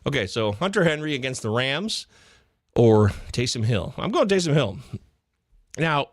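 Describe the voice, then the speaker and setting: A man hosting a live fantasy football chat in a jokey, excitable way, jumping from loud bursts to muttered asides. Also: mid-range voice, moderate pace, no echo, studio quality. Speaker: podcast host.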